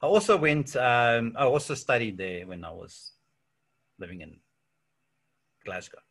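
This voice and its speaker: South African man, interview guest, bright voice, relaxed filler-laden storytelling. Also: mid-range voice, measured pace. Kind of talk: casual chat.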